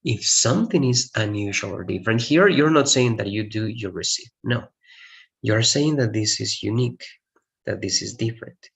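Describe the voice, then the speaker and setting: A man's voice: lowish voice, normal speed, creaky, fairly bright tone. A man whose first language is Spanish, teaching an English grammar lesson and explaining step by step, repeating key points and checking in with "all right?".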